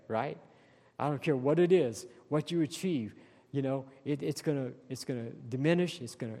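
A man preaching a sermon in a church, stressing key phrases slowly and building to emphatic peaks. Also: on the high side, dark tone. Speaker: pastor. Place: church sanctuary. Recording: long reverb in a large hall.

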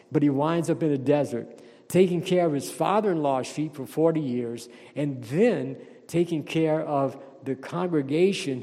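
A man's voice: fairly high pitch, warm tone, long reverb tail. A man preaching a sermon as pastor, emphatic and questioning the congregation.

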